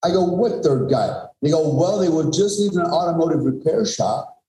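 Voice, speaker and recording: A man's voice: on the high side, lively intonation, moderate pace, mellow. A middle-aged man, a podcast guest, telling a story in a blunt, emphatic, profane way. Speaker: podcast guest, former special forces soldier. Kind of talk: conversational storytelling. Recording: roomy echo.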